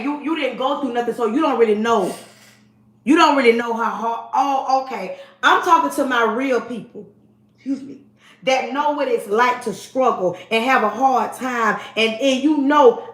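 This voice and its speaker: A woman in her forties with a high voice delivers a forceful, preachy livestream rant and talks straight to her viewers. The recording has a roomy echo. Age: 40s. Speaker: livestream host. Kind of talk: casual livestream monologue.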